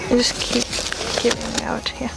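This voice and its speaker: A woman's voice: moderate pace, background noise. A woman teaching children how to use sanitizer and face masks, speaking through a mask, patient and repetitive, checking often that they understood. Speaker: charity volunteer teaching children. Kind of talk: instructing children. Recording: music playing under the speech. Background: loud background music.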